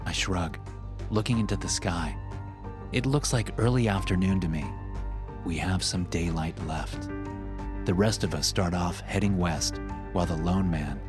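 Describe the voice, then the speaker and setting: A man narrating a first-person story in a steady, measured way. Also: low voice. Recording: narration over clear music.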